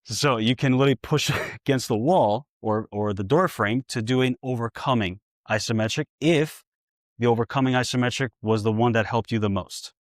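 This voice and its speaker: A man with a New York accent, working as a therapist and coach, demonstrating exercises with brisk repeated cues and joking asides to viewers. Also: medium pitch, no room sound, clean studio sound.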